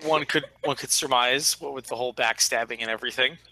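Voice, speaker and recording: A man's voice: mid-range voice, fast, low-quality recording. A man playing in a tabletop game, making wry, sardonic remarks. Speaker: player. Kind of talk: casual chat during a tabletop game.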